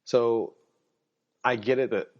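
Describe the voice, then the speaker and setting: A man's voice: mid-range voice, fairly even intonation, slow. A young adult man hosting a podcast, talking in a casual monologue. He is blunt, sarcastic and swears freely. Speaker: podcast host. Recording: dull lo-fi recording.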